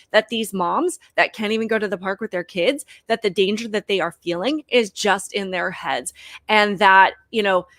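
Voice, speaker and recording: A woman's voice: medium pitch, no room sound, studio quality. A woman hosting a political commentary show, speaking in an indignant, emphatic way with restarts. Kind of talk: opinion commentary.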